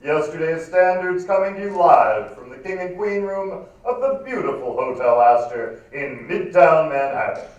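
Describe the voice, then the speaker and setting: A smooth 1950s radio ballroom host, as a man puts him on in a live stage reading, drawing out every line in a silky baritone. The voice sits a touch high and carries a big hall's reverb, caught from a distant camera. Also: lively intonation, lo-fi sound, lightly acted. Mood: showy, suave. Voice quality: baritone, silky announcer delivery. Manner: loud, drawn-out, showy announcing. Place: large performing arts hall. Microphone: far camera. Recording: echoey hall from far off.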